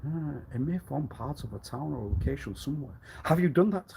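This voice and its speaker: A man rambling alone on a livestream in a meandering way, repeating himself and often clearing his throat. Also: fairly high pitch, animated, a little fast, dark tone, slight background noise. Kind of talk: rambling solo livestream monologue.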